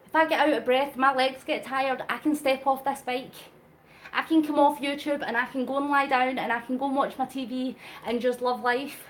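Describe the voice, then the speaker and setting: Woman vlogger, high voice, earnest and emotional, slightly winded, phone mic, faint hiss. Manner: earnest, emotional, reads out viewer comments. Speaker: vlogger doing a live charity cycle. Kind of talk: live-stream chat while cycling.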